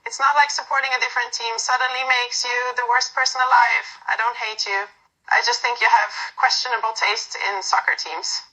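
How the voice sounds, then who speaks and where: A woman's voice: fairly high pitch, fairly even intonation, moderate pace, bright, forceful tone, low-quality recording. A woman voicing a protective, playful female best friend who keeps calling the listener sweetheart, read from a fan role-play script. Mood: teasing. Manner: affectionate teasing, calls everyone sweetheart.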